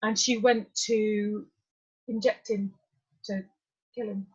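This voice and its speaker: Middle-aged woman speaker, husky, candid storytelling, muffled lo-fi recording. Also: mid-range voice, little pitch movement, slow. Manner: candid, conversational, drifting asides. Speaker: workshop speaker. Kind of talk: personal storytelling talk.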